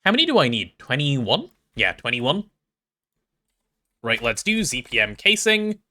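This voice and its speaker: A man's voice: mid-range voice, huge pitch swings, measured pace, pushed and bright. A man live-streaming a game, chatting casually and rambling as he reads chat and talks through his build.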